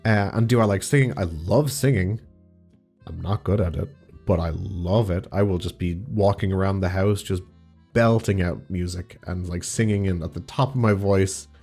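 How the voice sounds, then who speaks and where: Deep-voiced young man, excitable and rambling. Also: normal speed, faint music behind. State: slightly congested from allergies. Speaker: audio roleplay creator. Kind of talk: casual Q&A chat.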